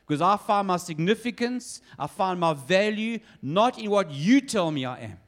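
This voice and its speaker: Pastor, high-pitched man, animated sermon storytelling. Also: moderate pace, hardly any pauses. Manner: lively storytelling with acted quotes.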